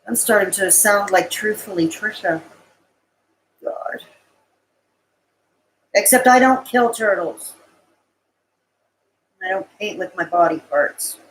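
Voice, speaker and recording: A woman's voice: mid-range voice, slow, long pauses, slight background noise, rough recording. A woman on a live stream, talking to her chat in a rambling, distraught way, tearful at times, with bitter laughs between thoughts. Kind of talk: emotional live-stream monologue.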